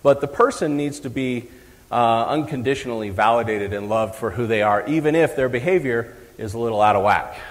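A man's voice: medium pitch, fairly quick. A middle-aged man giving a live talk on parenting to an audience, chatty and joking with the crowd. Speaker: psychologist speaking at a parenting event. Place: large hall, live event. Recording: long hall reverb.

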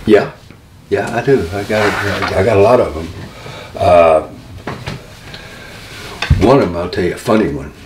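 Older male interview guest, rambling and animated storyteller, roomy echoey recording. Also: deep voice, a little slow, long pauses, far from the mic, noisy background. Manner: animated, rambling storyteller who laughs often. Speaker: interview guest, former wrestling manager. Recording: roomy echo.

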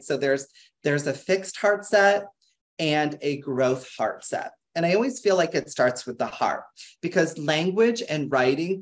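An educator leading an interactive online workshop over a video call, talking in a lively, chatty way with restarts and fillers. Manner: acts out quoted people with big pitch jumps. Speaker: webinar presenter and educator.

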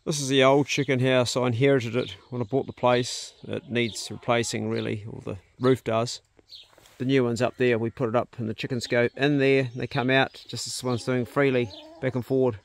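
A middle-aged man with a New Zealand accent, chatting in a relaxed, plain-spoken way as he walks around his farm outdoors. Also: medium pitch, normal speed, vocal fry. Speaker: vlogger, farm owner. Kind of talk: casual narration on a farm walk.

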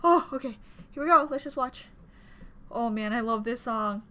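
High-voiced excitable woman reacting. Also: normal speed. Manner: excitable, gushing, gasps and squeals. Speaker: reaction video host. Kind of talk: casual reaction commentary. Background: faint music from the video being watched.

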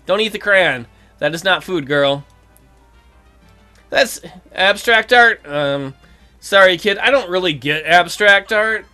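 A man hosting a let's play, giving casual, excitable commentary full of jokes and swearing. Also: sits high, takes it slowly, long pauses, smooth, faint music behind. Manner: excitable and jokey, swears freely.

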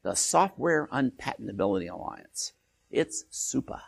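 A man's voice: mid-range voice, very animated, normal speed, creaky, slightly rough. A male lecturer giving an academic talk in a joking way, with frequent restarts and "right?" tag questions.

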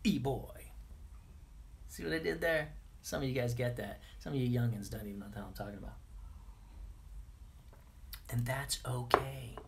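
Gravelly, playful man muttering to himself. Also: mid-range voice, moderate pace, pauses often. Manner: playful, muttering silly asides to himself while setting up. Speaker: podcast host on a livestream. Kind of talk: casual live-stream chat.

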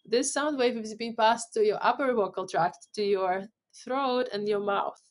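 A woman's voice: a little high, measured pace. A woman who is not a native English speaker, a company head as guest, explaining technical ideas with frequent fillers and restarts. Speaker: CEO and guest. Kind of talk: podcast interview.

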